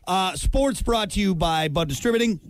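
A man with a gravelly voice, co-hosting a morning radio show in laid-back banter. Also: high-pitched, animated, normal speed.

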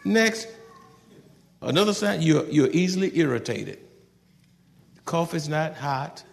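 A man preaching a sermon in a folksy, conversational way, swinging from loud outbursts to soft asides and laughing at his own jokes. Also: on the high side, animated, unhurried, gravelly, in a large hall. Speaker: pastor.

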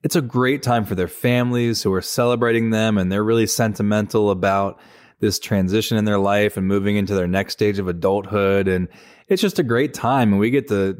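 A male faculty member co-hosting a casual chat, telling stories in a relaxed, teasing way with plenty of fillers. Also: on the low side, dry recording.

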